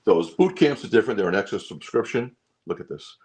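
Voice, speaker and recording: A man's voice: fairly low pitch, very animated, brisk, darkish tone. A man hosting a live stream for his trading group, talking emphatically and repeating himself. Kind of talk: live stream sales pitch.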